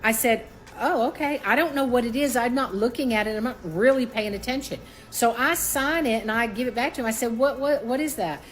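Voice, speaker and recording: Animated woman in her sixties telling a story. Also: a little fast, hardly any pauses. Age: 60s. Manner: animated, acts out quoted voices with rising pitch. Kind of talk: casual storytime.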